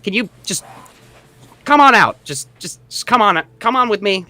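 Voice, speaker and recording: Guy doing a short bossy gnome jailer, high squeaky voice, fed up, very dry sound. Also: expressive, moderate pace, bright, forceful tone, dry recording, exaggerated voice. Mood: impatient. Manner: fussy, impatient bossing about. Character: small male gnome jailer, brusque, exasperated, businesslike. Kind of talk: tabletop role-play voice.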